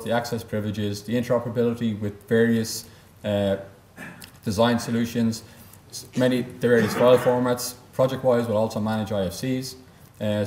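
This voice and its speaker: Low-voiced man presenting in echoey room. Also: a little mellow. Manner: explanatory, often repeats words mid-sentence. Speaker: software company presenter. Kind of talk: conference presentation. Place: conference room.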